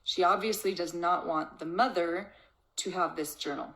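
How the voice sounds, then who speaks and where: Hosting a parenting advice show, a woman with a lowish, somewhat bright voice reads out a listener's letter at normal speed. She comments in an emphatic, coaching style, often opening with "so," and the room is echoey.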